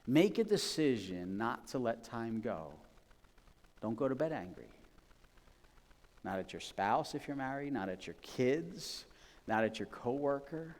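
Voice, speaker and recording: Pastor preaching in a reverberant church. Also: male voice, mid-range voice, very animated, unhurried, a little mellow. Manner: conversational, emphatic, often asks "right?". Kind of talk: sermon. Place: church sanctuary.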